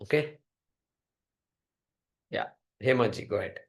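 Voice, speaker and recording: Male scripture teacher, gravelly voice, patient and repetitive explanations. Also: fairly low pitch, measured pace. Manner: patient, repeats key points.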